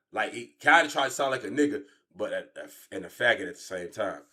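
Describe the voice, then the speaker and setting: A man's voice: animated, brisk. Profane rambling man in his late thirties. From Chicago. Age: late 30s. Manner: profane, rambling, swings from low mutter to loud shouts. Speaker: streamer. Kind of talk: casual streamed storytelling rant.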